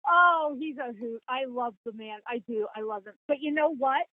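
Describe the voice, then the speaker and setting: Woman, high voice, folksy storyteller, animated, tinny phone-like sound. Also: moderate pace, no echo. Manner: animated, folksy storytelling with quoted dialogue and laughs. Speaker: psychic guest. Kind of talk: storytelling in a podcast interview.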